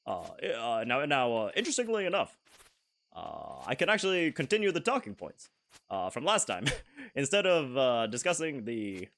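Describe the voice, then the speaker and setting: A man doing an impression of a measured, statesmanlike male president, speaking with a slow, deliberate cadence, long pauses and drawn-out "uh"s. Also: mid-range voice, wildly swooping pitch, vocal fry, a bit bright, full character voice. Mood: presidential. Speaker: streamer.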